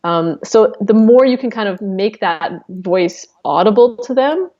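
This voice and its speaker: A woman's voice: mid-range voice, expressive, measured pace, lo-fi sound. A woman coach speaking as an interview guest, explaining her methods candidly and swearing casually.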